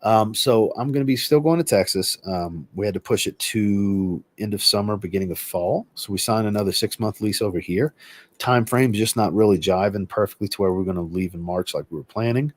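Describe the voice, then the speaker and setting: A man hosting a livestream and chatting casually, reading viewer comments aloud and answering them in a relaxed, rambling way. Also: lowish voice, a little fast. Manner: relaxed, rambling, with filler words. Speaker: host.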